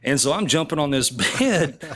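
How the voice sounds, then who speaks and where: A man's voice: moderate pace, slight background noise. A man, a military veteran, telling funny stories on a podcast and laughing often as he goes. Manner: animated, laughs often, swings his voice up high for quoted lines. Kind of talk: casual podcast storytelling.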